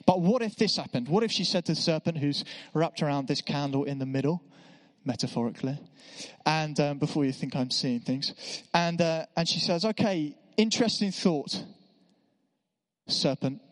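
Preacher, fairly high voice, chatty sermon with wry asides, church reverb. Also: male voice, a little fast. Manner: conversational, self-deprecating asides. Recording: echoey church hall.

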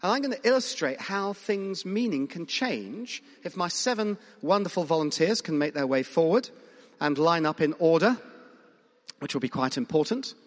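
A man preaching a sermon in a fairly high voice, talking to the congregation in a conversational, questioning way. His words ring out with the long reverb of a large church. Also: animated, normal speed. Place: church hall.

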